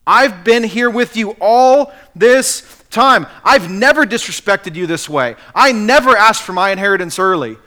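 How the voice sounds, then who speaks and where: A man's voice: high-pitched, animated, measured pace, few pauses, sharp tone, voice pushed up, exaggerated voice. A man in a sermon voicing a resentful older brother who complains in outraged disbelief. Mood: indignant. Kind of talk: acted quote in a sermon.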